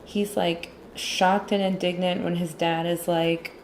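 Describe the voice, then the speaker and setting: Sarcastic and chatty, this woman discusses a movie as she draws, leaning heavily on "like" throughout the casual conversation. Her voice sits lowish, with a flat delivery and measured pace, and there's slight background noise. She's an illustrator who also comments on movies.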